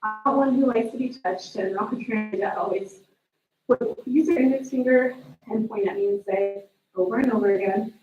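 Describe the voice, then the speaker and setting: Woman, sister giving a memorial eulogy, storytelling, somewhat high voice, distant mic, dull sound. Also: normal speed, roomy sound. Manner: storytelling, animated retelling of family moments. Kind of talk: memorial eulogy with family anecdotes. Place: memorial service room.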